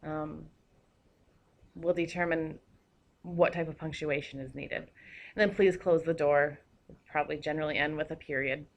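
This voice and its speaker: A woman's voice: low voice, flat delivery, normal speed, long pauses. A woman teacher giving a recorded grammar lesson, explaining patiently with a few fillers.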